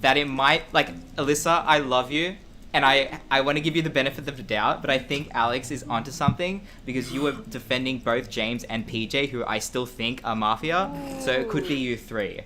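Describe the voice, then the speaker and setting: A man's voice: medium pitch, a little fast, background noise. A man playing a group party game who talks playfully and stammers as he defends himself. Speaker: game player. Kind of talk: casual group game chat.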